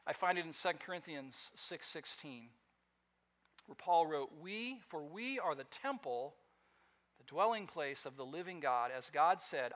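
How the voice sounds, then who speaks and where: Bright high-voiced preaching man. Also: lively intonation, unhurried. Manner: emphatic preaching with wide swings in loudness. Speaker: pastor. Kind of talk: sermon.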